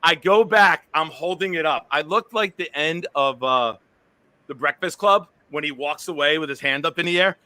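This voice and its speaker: A man's voice: fairly high pitch, normal speed, dry recording. A man hosting a casual live-stream chat, telling stories with energy and swearing freely. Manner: animated storyteller, swears freely. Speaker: show host.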